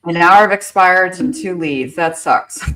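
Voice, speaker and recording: A woman's voice: lowish voice, normal speed, pushed and bright. A woman hosting a live prospecting session on a video call, talking casually, brash and joking as she rallies her team. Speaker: real estate agent hosting a prospecting session.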